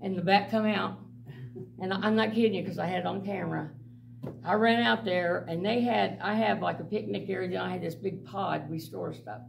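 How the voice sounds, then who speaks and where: A middle-aged woman with a gravelly, creaky voice tells blunt, animated stories to a church group and laughs often. She was recorded on a mic set some way off, with faint noise underneath. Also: on the low side, a little fast, recorded from a distance, rough recording. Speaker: mission director. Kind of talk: personal testimony to a church group.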